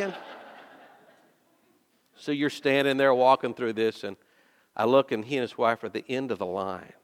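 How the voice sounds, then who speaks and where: A male pastor preaching a sermon and telling stories, dropping soft and then rising into loud, emphatic bursts. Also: mid-range voice, normal speed, pauses often. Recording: long reverb of a large hall.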